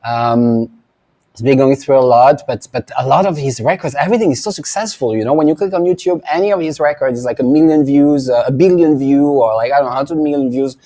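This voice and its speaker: A man talks casually through a live stream as a psychic host. His voice sits mid-range with a mellow, dark tone. He rambles freely and fills the pauses with asides. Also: mid-range voice. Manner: rambling and chatty, full of fillers and asides. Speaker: psychic medium hosting a weekly live show. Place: indoor room, filming at home.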